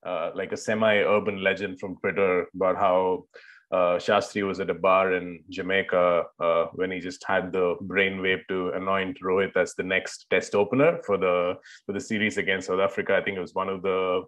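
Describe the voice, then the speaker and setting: A man's voice: sits low, level tone, normal speed, fairly bright tone. A man co-hosting a podcast, telling a story playfully and laughing easily. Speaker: podcast co-host. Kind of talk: casual chat.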